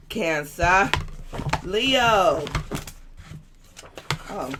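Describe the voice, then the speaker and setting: Slow-talking chatty woman tarot host. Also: medium pitch, noisy background. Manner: chatty, laughing, interrupted by hiccups. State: has the hiccups. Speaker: tarot reader and podcast host. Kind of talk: casual tarot reading chat.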